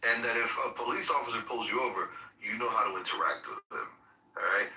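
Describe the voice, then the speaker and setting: A man talks politics on a podcast, animated and profane, full of rhetorical questions. His voice is fairly low but very bright and edgy. He sits away from the mic in a roomy, echoing space. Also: fast talker. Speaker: podcast co-host. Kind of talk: casual political talk. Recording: roomy echo, far from mic.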